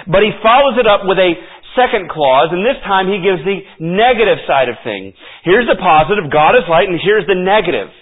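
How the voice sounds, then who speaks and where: A man's voice: high voice, animated, normal speed, hardly any pauses. A man preaching a sermon as pastor, emphatic and repeating key phrases for stress. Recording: tinny phone-like audio.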